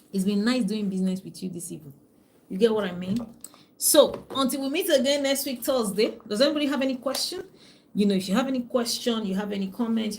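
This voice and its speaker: Chatty Nigerian woman coach. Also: on the high side. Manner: chatty, animated, reads out viewer comments. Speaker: life and business coach. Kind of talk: casual live-stream talk.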